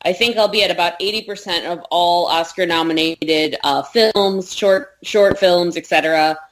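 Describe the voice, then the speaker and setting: A woman's voice: fairly low pitch, moderate pace. A woman co-hosting a podcast in casual chat, joking and telling stories with plenty of fillers. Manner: chatty and joking, storytelling with fillers. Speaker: podcast co-host.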